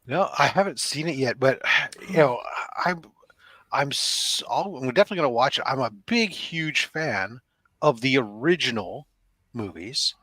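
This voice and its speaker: A man on a video call, rambling in halting restarts on a geek news panel. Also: mid-range voice, animated, sharp tone, dry recording. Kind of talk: casual chat.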